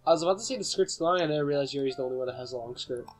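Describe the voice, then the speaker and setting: A young man playing a visual novel, reading it aloud and blurting excitable, profane reactions. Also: mid-range voice, racing, soft background music, poor audio. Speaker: gamer.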